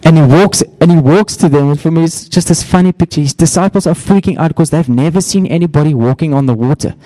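Middle-aged male pastor, warm dark tone, dry close sound, lively storyteller. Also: quick pace, no echo, low-quality recording. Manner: storytelling, acts out quotes with raised pitch. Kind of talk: sermon.

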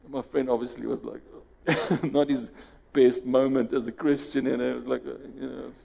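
A man's voice: medium pitch, steady tone, normal speed, vocal fry, dark tone, husky, in a large hall, poor audio. A South African man preaching a sermon and leading prayer in a conversational way, restarting phrases and rising sharply when he quotes others.

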